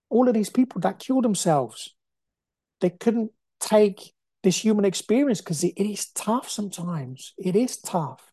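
A woman gives a motivational podcast monologue in a blunt, fired-up, foul-mouthed manner. Her voice is warm and mellow. It is recorded dry, with no room sound. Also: medium pitch, lively intonation, normal speed, slightly rough, no echo. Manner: blunt, profane, impassioned ranting. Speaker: podcast host.

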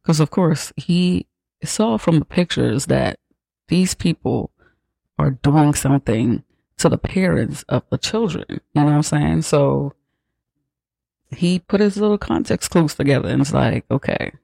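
A man's voice: a little high, expressive, measured pace, gravelly, warm tone, no room sound. A man hosting a podcast, retelling a film in a casual, profane, sarcastic way. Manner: profane, sarcastic, slangy storytelling. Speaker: podcast host recapping a film. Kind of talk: casual movie recap.

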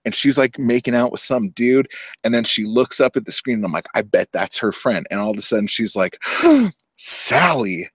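A man's voice: mid-range voice, brisk, no room sound. A man casually recapping a film, swearing a lot and acting out the characters' lines as he goes. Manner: profane, animated storytelling with acted-out quotes. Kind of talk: casual movie recap chat.

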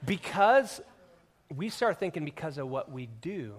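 Male pastor, sermon, fairly high voice, chatty and joking, bursts of loud emphasis. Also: expressive, moderate pace. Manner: swings from quiet asides to loud shouted declarations; conversational, joking with the congregation.

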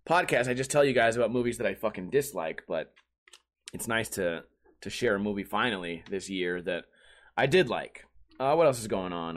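A man's voice: medium pitch, a bit bright. A man rambling casually through a podcast monologue, swearing and joking about movies. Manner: rambling, profane, jokey movie talk. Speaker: podcast host.

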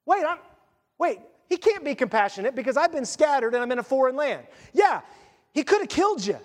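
Male preacher, very high-pitched, chatty and needling, sermon recorded in an echoing sanctuary. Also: brisk. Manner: animated, conversational, sarcastic rhetorical questions. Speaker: pastor. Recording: long reverb of a church hall.

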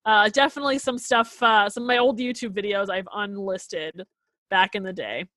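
A woman's voice: mid-range voice, normal speed, sharp tone, no room sound. A young woman in her twenties, a podcast guest, chatting casually over a video call in a bubbly, giggly way with lots of filler words. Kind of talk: casual interview chat. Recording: dry video call audio.

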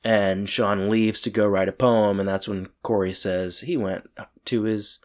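A man's voice: on the low side, fairly even intonation, a little slow. A young man co-hosting a podcast, casually recapping a TV episode and chiming in with corrections and extra details. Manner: chimes in to correct and add plot details; chatty, with many fillers like "like". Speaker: podcast co-host.

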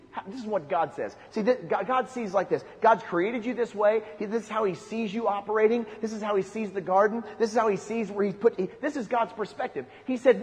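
A man's voice: high voice, brisk. A man preaching a sermon, emphatic, with rhetorical questions and lists. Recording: long hall reverb.

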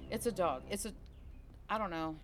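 A woman co-hosting a casual podcast chat, telling a story with lively acted-out quotes and sound effects. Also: lowish voice, normal speed, a crowd in the background. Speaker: podcast co-host.

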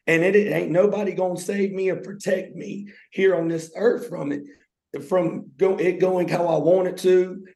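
A man's voice: high-pitched, vocal fry, darkish tone. A male podcast co-host who works as an athletic trainer, talking in an informal, slangy way. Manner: informal and slangy, says "bro" and "man". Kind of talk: casual chat. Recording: roomy echo.

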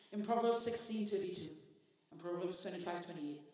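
High-voiced Trinidadian preacher in an echoey hall. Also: male voice, fast talker, few pauses, a little mellow, far from the mic. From Trinidad and Tobago. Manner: impassioned preaching, calling on the congregation to respond. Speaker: guest preacher. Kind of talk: sermon.

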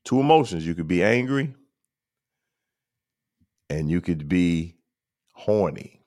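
A man's voice: animated, slow, darkish tone. A man hosting a show, talking in a casual, preachy monologue and repeating phrases for emphasis. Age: adult. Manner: mocks others in high teasing voices. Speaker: podcast host.

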